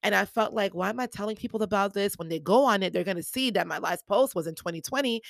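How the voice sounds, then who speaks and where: Her pitch sits in the middle and her tone is fairly bright as she hosts her own podcast. Telling the story casually, she imitates those she quotes with sharp vocal jumps, captured dry on a podcast microphone.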